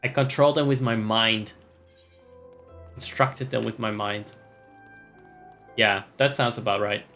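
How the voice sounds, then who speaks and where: A man's voice: fairly low pitch, steady tone, slow, pauses often, a bit bright, soft background music. A man streaming a game, making sardonic, profane asides and reading the game dialogue aloud. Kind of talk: casual gameplay commentary.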